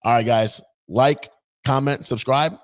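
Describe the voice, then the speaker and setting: A man's voice: mid-range voice, steady tone, measured pace. A man hosting an opinion vlog, talking in an indignant, mocking, rambling way. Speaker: political commentator host.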